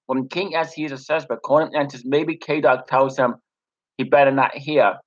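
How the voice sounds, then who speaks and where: A man's voice: medium pitch, fairly even intonation, moderate pace. Young male reviewer, casual rambling recap, lots of ums, muffled lo-fi mic. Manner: rambling, many fillers and restarts. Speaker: wrestling reviewer.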